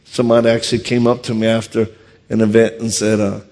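On stage in front of a crowd, a martial arts instructor with a Louisiana accent delivers a funny storytelling talk. His voice is fairly low, and he speaks fast and animatedly, full of self-deprecation.

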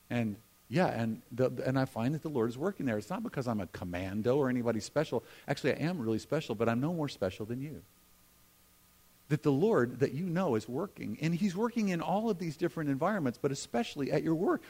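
Middle-aged male pastor, chatty sermon, slightly high voice, jokey asides, drops to near-whispers. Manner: conversational, self-deprecating asides, swings from emphatic to hushed.

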